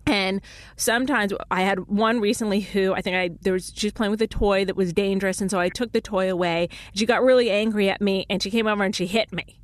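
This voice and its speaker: A woman in her thirties hosting a call-in relationship advice radio show, explaining quickly with many restarts and laughing easily. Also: medium pitch, fairly even intonation, no echo.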